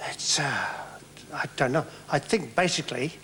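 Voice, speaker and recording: An older man in his seventies spins comic stories as a talk-show guest, stumbling and restarting as he goes in a rather high voice. His playful, rambling delivery comes through over a faint hiss of background noise. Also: expressive, normal speed, pushed and bright. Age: 70s. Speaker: comedian guest. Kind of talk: anecdotal talk-show storytelling. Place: television studio with live audience. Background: audience laughter.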